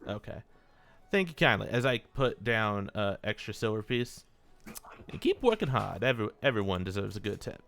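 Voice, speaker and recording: A man's voice: on the low side, big pitch swings, moderate pace, vocal fry, a bit bright. A man playing a tabletop role-playing game, talking in a polite, folksy way in character. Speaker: player.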